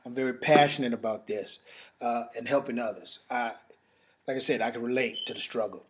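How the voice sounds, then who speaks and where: With a faint hiss or hum in the background, as though filmed on a home camera, a male network marketer stumbles through an emotional testimonial and pitch, sighing in pauses and saying things twice.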